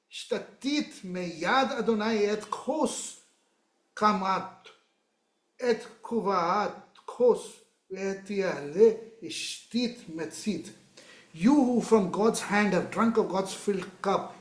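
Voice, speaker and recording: High-voiced man teaching a Torah class. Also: echoey room. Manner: emphatic, repeats words, switches between Hebrew verses and English.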